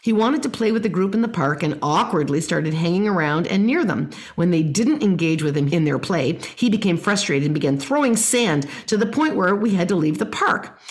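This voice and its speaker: A woman hosting a podcast, giving parenting advice and reading listener questions aloud. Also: lowish voice. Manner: warm explanatory, reads listener emails aloud. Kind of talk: casual advice talk.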